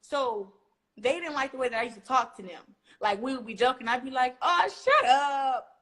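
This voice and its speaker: A young woman from Flint speaks in a relaxed interview, her voice sitting a little high. She tells stories with energy and acts out what other people said. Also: fairly quick. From Flint, Michigan, USA. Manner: animated storytelling, acting out quotes. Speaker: guest boxer. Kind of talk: casual interview talk.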